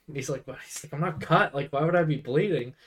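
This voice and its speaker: A man's voice: a little high, fast talker, fairly bright tone. A young man co-hosting a casual podcast, retelling a film scene by scene in a rambling way with lots of fillers and quoted lines. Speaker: podcast co-host. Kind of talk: casual movie recap chat.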